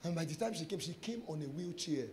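High-voiced Nigerian pastor telling stories. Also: male voice, fast, slight background noise. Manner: animated storyteller acting out dialogue; mixes in pidgin phrases. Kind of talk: sermon testimony.

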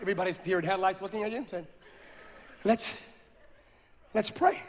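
Fast, gravelly high-voiced male preacher. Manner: animated, builds to shouting. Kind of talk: sermon storytelling. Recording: echoey hall with faint noise.

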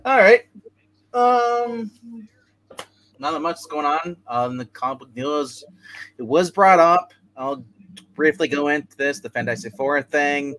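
A man's voice: on the high side, expressive, measured pace, fairly bright tone, no echo, low-quality recording. A man hosting a casual chat show, rambling with many restarts and fillers.

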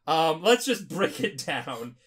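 Tipsy podcast guy, rambling and swearing a lot, pitch all over the place. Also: slow. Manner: rambling, profane, animated. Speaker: podcast host. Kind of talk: casual podcast chat.

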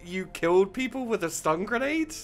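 A man's voice: sits high, expressive, moderate pace, faint music behind. A man hosting a live stream, reading out viewers' tabletop game stories in an amused, conversational way with frequent ums and restarts.

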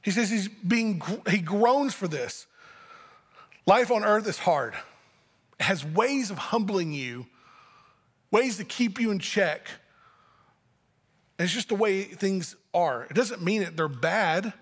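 A man's voice: high-pitched, expressive, slow pace, long pauses, slightly rough, long reverb tail. A man preaching a sermon as pastor, talking in a conversational way and acting out little family dialogues. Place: church sanctuary.

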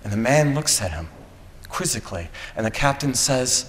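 A man giving a graduation speech, telling a dramatic story with slow, deliberate pauses. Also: mid-range voice, lively intonation, a little hiss or hum. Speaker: commencement speaker. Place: school graduation ceremony. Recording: echoey hall from a PA.

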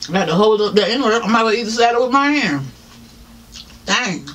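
High-voiced chatty Southern man eating. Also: lively intonation, fairly quick, pushed and bright. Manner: chatty, laughing, talks while chewing, addresses viewers as y'all. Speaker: mukbang vlogger. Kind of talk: casual eating-show chat.

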